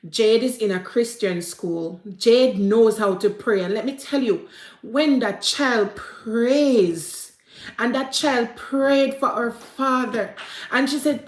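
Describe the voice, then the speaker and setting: A woman's voice: fairly high pitch, a little slow. A woman in her thirties with a Jamaican accent, telling a personal story in a heartfelt, tearful way. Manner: heartfelt, tearful, repeats herself, mixes in patois. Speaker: vlogger. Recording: echoey room.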